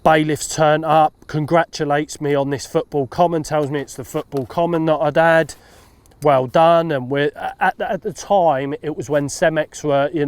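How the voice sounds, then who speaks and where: A lively, animated man spins a funny story from the bank, acting out what people said. His voice sits a touch higher than most men's. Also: smooth, no room sound. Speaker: carp fishing consultant. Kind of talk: telling a funny anecdote.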